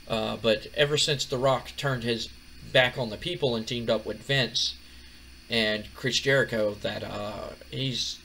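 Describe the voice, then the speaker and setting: A man narrating a game playthrough in a loose, chatty way, full of fillers and restarts. His voice is bright, with a faint hiss behind it. He speaks at a mid pitch. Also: low-quality recording. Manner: chatty, rambling, many fillers. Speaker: gaming channel host.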